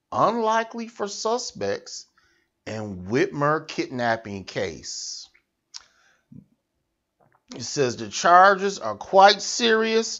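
A man's voice: fairly high pitch, pushed and bright, lo-fi sound. A man hosting a satirical news show, ranting with mocking sarcasm. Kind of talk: comic political rant.

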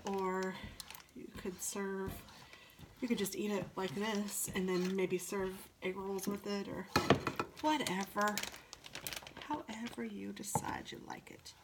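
A woman talking to her viewers while she cooks in her home kitchen, chatty and relaxed. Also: mid-range voice, measured pace. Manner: chatty, talks to viewers while cooking, hums. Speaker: cooking vlogger. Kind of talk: casual cooking vlog narration. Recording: loud kitchen noise behind.

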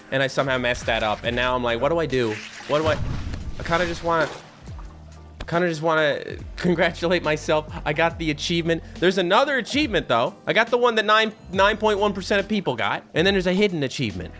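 A man's voice: a little high, a bit bright. A man giving gameplay commentary, self-mocking and chatty, talking to himself and his viewers. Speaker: gaming YouTuber.

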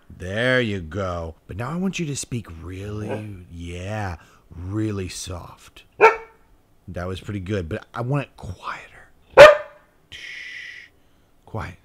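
Playful man coaxing his dogs. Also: heavy background noise. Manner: playful, coaxing, breaking into high excited yelps. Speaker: dog owner and channel host. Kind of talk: casual vlog talk to his dogs.

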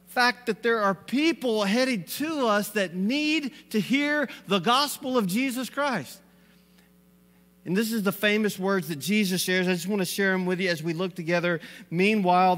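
A man's voice: high-pitched, a bit bright. A man preaching a sermon in a church, folksy and rambling, with lots of fillers and small chuckles. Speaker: pastor. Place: church sanctuary. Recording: long reverb of a church hall.

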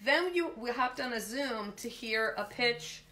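A woman co-hosting a casual stream in a somewhat higher voice. She is upbeat and teasing, and throws in quick remarks as her partner talks. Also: lively intonation, pushed and bright. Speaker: co-host. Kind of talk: casual live-stream chat.

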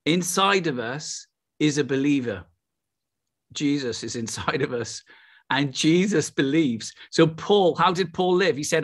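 A man's voice: a little high, measured pace. A middle-aged man with a Welsh accent preaching a charismatic sermon, exuberant and full of exclamations. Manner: exuberant, breaks into laughter and exclamations.

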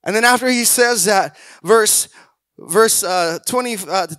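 A man preaching a sermon as a pastor, acting out quoted voices and building to loud exhortations. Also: high voice, measured pace, dry recording, clean studio sound.

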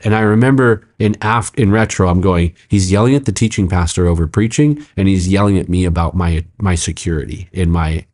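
A middle-aged pastor with a fairly low voice tells a story in conversation. He narrates in quick, emphatic bursts full of "like" and "I'm like." He acts out the quoted lines, jumping sharply up in pitch. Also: a little mellow. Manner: acts out quoted speech with sudden jumps in pitch. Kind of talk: animated storytelling in a podcast conversation.

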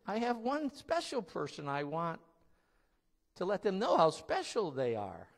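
Fields: a man doing a gentle, jolly nun teacher, coaxing voice, long echo. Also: sits high, wildly swooping pitch, measured pace, vocal fry, heavily acted. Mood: loving, encouraging. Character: loving, jolly older woman teacher nun.

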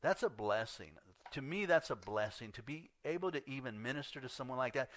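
A man's voice: mid-range voice, animated, brisk, fairly bright tone, no room sound. A man preaching a sermon as pastor, telling a story with acted-out dialogue and frequent laughter.

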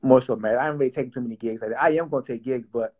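A man's voice: medium pitch, racing, husky. Loose, rambling man on a dull line. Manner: loose and playful, lots of fillers and repeats. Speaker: songwriter and producer. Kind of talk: casual interview chat.

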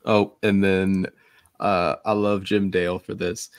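A man's voice: low-pitched, little pitch movement, a little slow, no echo. A man co-hosting a casual podcast over a remote call, chatting with wry, sarcastic asides. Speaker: podcast co-host.

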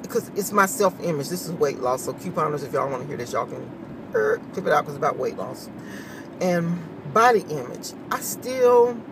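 Chatty woman laughing often. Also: low-pitched. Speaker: vlogger. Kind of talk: casual morning chat to viewers. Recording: distant phone mic with steady noise.

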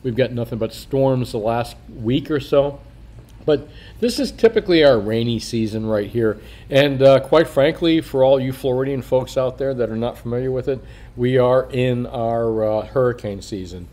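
A man's voice: medium pitch, moderate pace, mellow. An older man, a coin shop owner, talking casually on a video in a rambling, profane way, chuckling and slurring a little through a missing front tooth.

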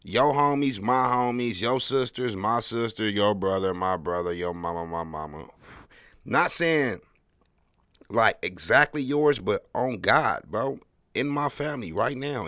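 A man's voice: lowish voice, a bit bright, dry recording, studio quality. A man hosting his own podcast, talking in a slangy, rambling solo monologue with wry, emphatic storytelling. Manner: slangy, rambling, keeps tagging "bro". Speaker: podcast host.

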